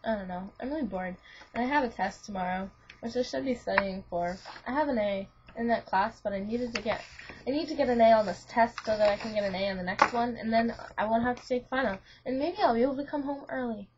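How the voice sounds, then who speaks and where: A woman's voice: fairly high pitch, quick pace, background noise. A young woman telling a friend about a dream in a casual, rambling way, giggling and saying "like" a lot. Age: young adult. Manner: rambling, giggly, full of "like" and restarts. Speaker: student vlogger. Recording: lo-fi webcam audio.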